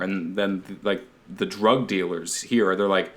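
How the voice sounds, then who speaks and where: A man's voice: low voice, steady tone, slow, hardly any pauses. A man hosting a podcast, chatting casually, rambling, swearing freely and laughing often. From Canada. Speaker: podcast host. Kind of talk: casual chat.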